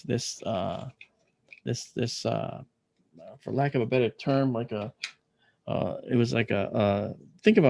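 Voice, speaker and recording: Gravelly man telling a personal story. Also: mid-range voice, no room sound, clean studio sound. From United States. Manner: animated, acts out quoted voices. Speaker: interview guest.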